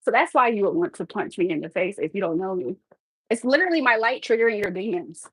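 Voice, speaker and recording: A woman's voice: mid-range voice, lively intonation, fast, fairly bright tone, breathy edge, no room sound, poor audio. A young woman chats on a livestream as she cooks, answering her chat in a sassy, teasing way. Her voice is close to the mic and dry, with no room around it. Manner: sassy, talks back to the chat. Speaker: live streamer. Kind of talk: casual livestream chat while cooking.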